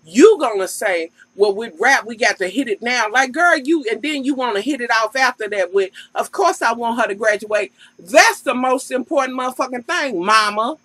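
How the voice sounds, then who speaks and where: Sassy woman with a bright voice. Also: a little high, lively intonation, normal speed, few pauses, husky, dry recording, low-quality recording. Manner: sassy, profane, talks straight to the cast. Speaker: vlogger recapping a TV show. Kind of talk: casual reality-TV recap.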